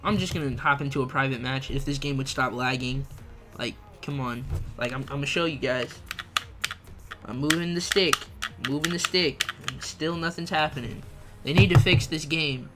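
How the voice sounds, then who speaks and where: A man's voice: medium pitch, moderate pace, over loud music. A young man live-streaming a video game, chatting casually with viewers, reading their messages aloud, using slang and laughing often. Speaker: gaming livestreamer.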